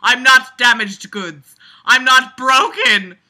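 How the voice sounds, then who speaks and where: A woman reading the lines of an upset teenage girl from a book in a flat, mocking read. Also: medium pitch, measured pace. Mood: upset plea. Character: tearful, wounded teenage girl confronting a boy.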